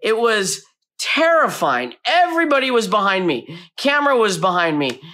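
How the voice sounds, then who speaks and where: A man telling a behind-the-scenes anecdote in an animated storytelling way, acting out his own past lines. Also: sits high, moderate pace.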